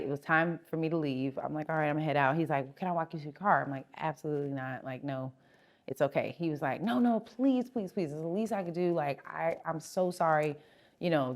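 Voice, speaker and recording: A middle-aged woman hosting a podcast, telling a personal story candidly and with animation. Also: low-pitched. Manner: candid, animated, laughing through an awkward story. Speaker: podcast host.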